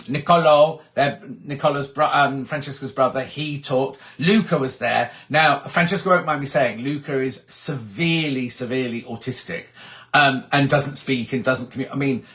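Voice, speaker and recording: A man's voice: mid-range voice, a bit bright. A middle-aged man hosting a casual live chat, rambling and gossipy as he reads out viewer messages. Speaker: host.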